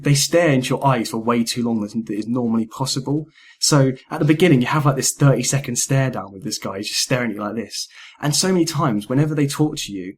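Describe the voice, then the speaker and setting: Guy on a gaming podcast, kinda husky, animated, keeps doing little voices. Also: mid-range voice. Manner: animated, acts out quoted lines. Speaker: podcast host. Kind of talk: casual gaming chat.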